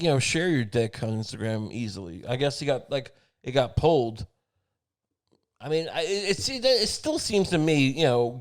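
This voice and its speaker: A man hosting a podcast, talking through a meandering, profane comedic monologue. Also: fairly high pitch. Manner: rambling, meandering, profane, many fillers. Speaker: podcast host.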